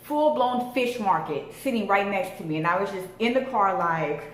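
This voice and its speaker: A woman's voice: mid-range voice, normal speed, hardly any pauses. Woman in her 30s ranting through a storytime, voice jumping all over, echoey room w/ faint hiss. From Southern California. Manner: animated, dramatic storytelling with lots of swearing and slang. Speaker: vlogger. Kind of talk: storytime vlog.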